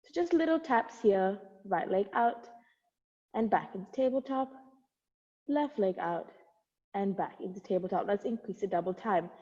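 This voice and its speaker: A woman barre instructor cues an at-home workout class in an animated, warm, medium-pitched voice at normal speed. She offers encouraging counts and light laughs while occasionally breathless, recorded on wireless earbuds with dull lo-fi sound and long reverb.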